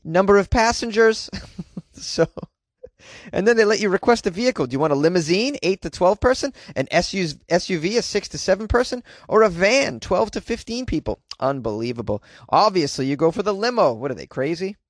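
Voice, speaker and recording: A man's voice: sits high, big pitch swings, fairly quick, dry recording, clean studio sound. A man hosting his own podcast, chatting casually and joking, with many fillers and restarts. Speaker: podcast host. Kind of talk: casual solo podcast talk.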